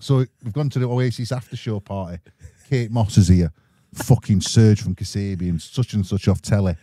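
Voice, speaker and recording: A man's voice: lowish voice, fairly quick, mellow, husky, dry recording, studio quality. A man with a Sheffield accent telling rowdy, sweary anecdotes in a casual podcast chat and acting out the voices in them. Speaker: guest musician.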